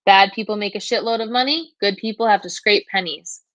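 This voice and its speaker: A woman's voice: mid-range voice, fairly quick, fairly bright tone, no echo, dull audio, natural voice. A woman reading as a coaxing woman detective. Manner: coaxing, persuasive.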